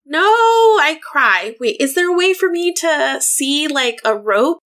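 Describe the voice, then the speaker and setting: A woman's voice: high voice, animated, measured pace, pushed and bright. A woman playing a tabletop game, hesitant and thinking aloud as she narrates her character. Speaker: player. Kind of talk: tabletop role-play.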